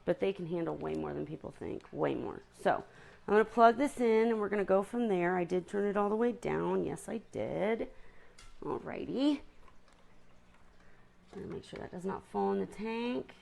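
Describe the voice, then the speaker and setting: A woman's voice: medium pitch, lively intonation, moderate pace, creaky, a little mellow. A woman chatting casually to viewers on a live stream about her seahorses, often stopping to apologize.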